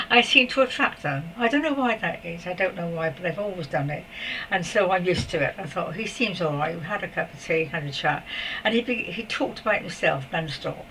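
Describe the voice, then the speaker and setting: A woman's voice: fairly low pitch, animated, normal speed, distant mic, poor audio. An older woman tells a personal story, chatty and meandering and full of asides. Her voice sits a little away from the microphone, with faint noise behind it. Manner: chatty and rambling, with soft laughs and asides. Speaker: spiritual vlogger.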